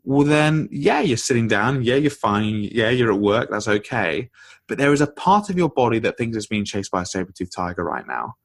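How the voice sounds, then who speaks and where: A man being interviewed as a guest author on a podcast, explaining ideas in an energetic, conversational way. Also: lowish voice, dry recording.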